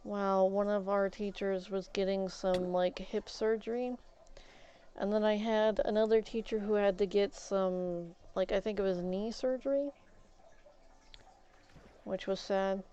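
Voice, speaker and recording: A young woman livestreaming, chatting casually and rambling through a school story with many fillers and restarts, getting animated as she goes. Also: medium pitch, measured pace, clean tone. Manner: grows animated and loud retelling arguments. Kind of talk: casual storytelling chat while gaming. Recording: slightly dull lo-fi stream audio.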